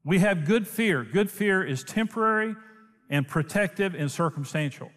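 A man preaching a sermon, telling a story in an animated way and laughing often. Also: high voice, moderate pace. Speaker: pastor. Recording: long hall reverb.

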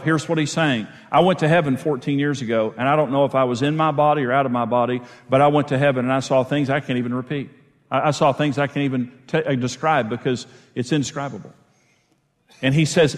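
Guy preaching, higher voice, pushes points hard by saying them again, big hall echo. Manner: emphatic, repeats phrases for stress. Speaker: pastor. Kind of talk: sermon.

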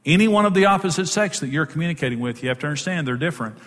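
A man teaching about marriage in a large hall, his slightly high voice carried by a long reverb. He speaks emphatically and repeats key words to drive each point home. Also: animated, rapid-fire, fairly bright tone. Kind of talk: teaching talk to an audience.

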